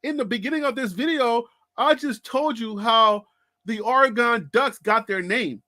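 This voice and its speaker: A man with a high voice hosts a sports fan channel in a casual live-stream chat. He speaks animatedly, laughs often and calls out to his viewers by name. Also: moderate pace, pushed and bright.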